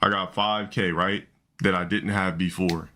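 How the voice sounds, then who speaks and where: Low-voiced man rambling in slang. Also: little pitch movement, normal speed, pushed and bright, slight background noise. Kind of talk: casual rambling talk.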